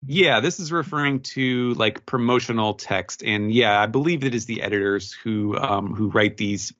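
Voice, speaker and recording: A man's voice: lowish voice, moderate pace, a bit bright, dull audio. A man co-hosting a podcast, explaining at length in casual chat, full of fillers and restarts. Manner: rambling, many fillers and restarts. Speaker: podcast co-host.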